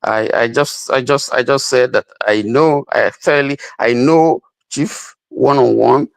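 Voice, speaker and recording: Stammering gravelly man, dry sound. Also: medium pitch, no room sound. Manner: halting, stammering restarts. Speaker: debate guest. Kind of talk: heated panel debate.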